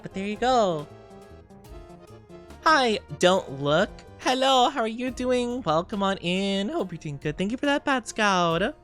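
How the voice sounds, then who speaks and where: A woman's voice: medium pitch, animated, a little slow, soft background music. A young woman streaming casually, chatting with viewers in a bubbly, giggly way with cutesy slang. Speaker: VTuber streamer. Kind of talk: casual live-stream chat, greeting viewers.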